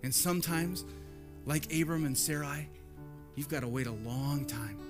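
A man's voice: fairly high pitch, normal speed, music in the background. A man preaching a sermon as pastor in a church, conversational and storytelling, repeating lines for emphasis.

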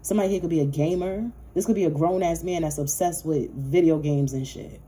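Low mellow-voiced woman doing a tarot reading, aave, cussing and laughing a lot. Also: brisk. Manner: profane, laughing, playful hype-talk. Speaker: tarot reader. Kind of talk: casual tarot reading monologue.

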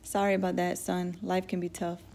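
A woman voicing a kindly, soft-spoken male sheriff who questions a boy gently and awkwardly. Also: on the low side, little pitch movement, fairly quick, gravelly, slight background noise.

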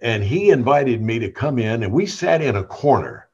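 An older Tennessee man with a light Southern accent, a veteran radio host, reminisces in an interview and animatedly acts out the lines he quotes. His mid-range voice has a smooth, polished broadcaster's delivery at normal speed. The recording's highs are cut off.

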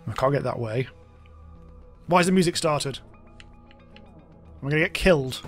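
A young man talks his way through a video game in a chatty, wry let's-play style, breaking into exclamations when something jumps out. His voice sits a little high and swings widely in pitch. He sounds close to a desk mic. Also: animated, moderate pace, faint music behind. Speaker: gaming YouTuber.

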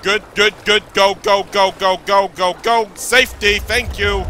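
A man's voice: high voice, fairly even intonation, unhurried, hardly any pauses, bright, forceful tone, soft background music. A young man from Canada commentating a horror game, nervously talking to himself, his voice a little worn. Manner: nervous, jittery, talks to himself. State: losing his voice. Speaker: let's play gamer.

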